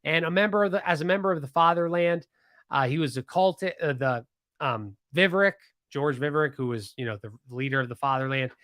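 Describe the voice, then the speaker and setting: A man's voice: a little high, brisk, fairly bright tone, no room sound, clean studio sound. A man from Pennsylvania hosting a podcast, telling a history story casually and animatedly, with many restarts and asides. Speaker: podcast host.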